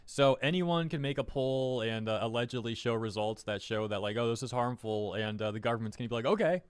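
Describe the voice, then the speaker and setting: A man's voice: medium pitch, fairly even intonation, brisk, clear, resonant tone, dry recording, studio quality. A man doing online commentary, reading news headlines aloud with wry, mocking asides.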